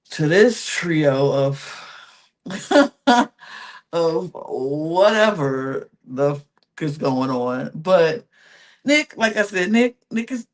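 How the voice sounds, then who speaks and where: A woman co-hosting a podcast, recapping reality TV in a sassy, animated chat and laughing often. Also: low voice. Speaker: podcast co-host.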